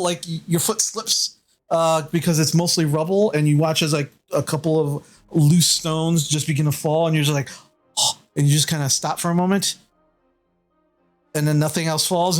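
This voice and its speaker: Man running a tabletop game, fairly high. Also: fairly even intonation, fairly quick, faint music behind. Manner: casual, loose narration with many fillers. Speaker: game master.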